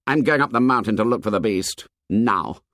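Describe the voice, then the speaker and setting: A man's voice: on the low side, lively intonation, moderate pace, a bit bright, no echo, studio quality. A man voicing a tense, proud boy leader who speaks hotly and sneers. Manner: hot, clipped, challenging.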